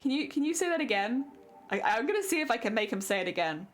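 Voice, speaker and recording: A woman's voice: fairly high pitch, big pitch swings, fast talker, faint music behind. A young woman streaming, chatting casually with her audience, laughing often and trailing off mid-thought.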